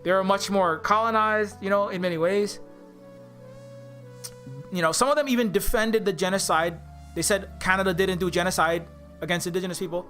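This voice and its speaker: A man's voice: sits high, moderate pace, pauses often, pushed and bright, faint music behind. A man from Hawaii giving earnest, rambling video commentary, reading quotes aloud as he goes. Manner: earnest, rambling, often restarts mid-thought. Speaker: indie game developer.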